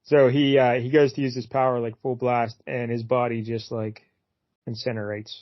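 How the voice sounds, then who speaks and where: A man co-hosting a podcast, retelling a comic in a relaxed, joking way. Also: mid-range voice, no echo. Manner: relaxed, joking, quick to laugh. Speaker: podcast co-host. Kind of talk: casual chat retelling a comic. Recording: dull, dry, lo-fi.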